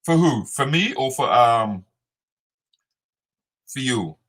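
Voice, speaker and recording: Guy hosting a live chat, mixed in, bright forward voice, ribbing everyone. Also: medium pitch, animated, slow pace. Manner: banters with viewers by name, slips into Jamaican patois. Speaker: comedian host moderating a live chat. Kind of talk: casual live-stream chat reading comments.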